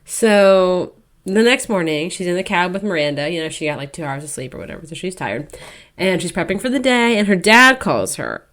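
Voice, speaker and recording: Young female podcast co-host, lower voice, casual storytelling recap with quick voiced asides. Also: expressive, a bit bright. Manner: chatty, acts out characters' lines in quick asides. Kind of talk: casual chat recapping a book.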